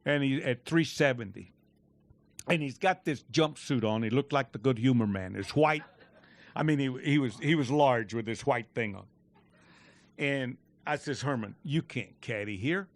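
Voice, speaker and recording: An older man telling a lively, laughing golf story in a fireside chat, shouting out the lines he quotes. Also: medium pitch, normal speed, no room sound. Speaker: golf pro telling stories.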